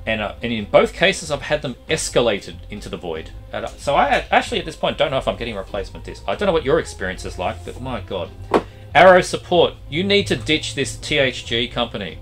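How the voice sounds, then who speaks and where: A man hosting a casual collection update vlog, his voice going hoarse, rambling with lots of fillers. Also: mid-range voice, quick pace, faint music behind. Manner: rambling, animated, trailing fillers.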